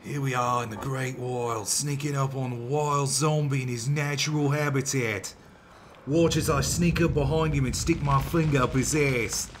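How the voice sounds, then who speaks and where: A man's voice: medium pitch, steady tone, normal speed, a little hiss or hum, natural voice. A man putting on a put-on Australian wildlife host. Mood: hushed mock-awe. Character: male wildlife show host stalking a zombie.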